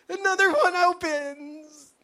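A man's voice: very high-pitched, pushed and bright, voice pushed up, full character voice. A man voicing a guy trying to stay positive while living in a haunted house.

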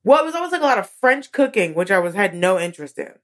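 A woman comedian chatting casually as a guest, an animated storyteller whose voice swoops high when she acts out moments. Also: quick pace. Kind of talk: casual interview chat.

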